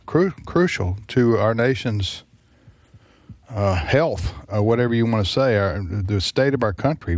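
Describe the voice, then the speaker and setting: Male radio host, casual halting delivery, dry studio. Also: mid-range voice, darkish tone, no room sound. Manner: halting, many restarts and fillers. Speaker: radio talk show host. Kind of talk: casual political chat.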